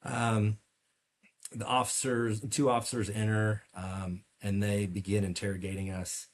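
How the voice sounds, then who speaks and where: A man's voice: on the low side, flat delivery, measured pace. A middle-aged man, a podcast guest, earnestly recounting a personal story in detail with frequent fillers and restarts. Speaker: podcast guest, medical device sales rep. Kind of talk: storytelling interview.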